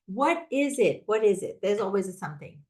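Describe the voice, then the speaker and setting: A woman trainer answering teachers' questions in a live online session, energetic and animated, often acting out how a teacher talks. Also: mid-range voice, brisk. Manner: energetic, animated, acts out teacher and child voices. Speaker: classroom management trainer.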